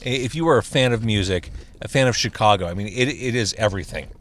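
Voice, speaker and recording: A man's voice: lowish voice, fast. A man hosting a podcast, asking questions and chiming in with enthusiastic short affirmations in casual chat. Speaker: podcast host.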